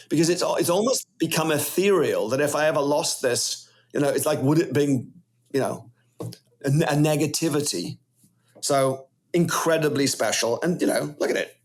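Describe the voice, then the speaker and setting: A middle-aged Welsh man telling stories as a podcast guest, animated and rambling in casual chat. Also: on the high side, normal speed. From Wales.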